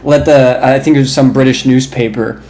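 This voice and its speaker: This young co-host tells long, meandering stories in casual podcast chat, chuckling as he talks. He speaks at a normal speed in a steady, medium-pitched voice with a darkish tone, and the room gives noticeable echo.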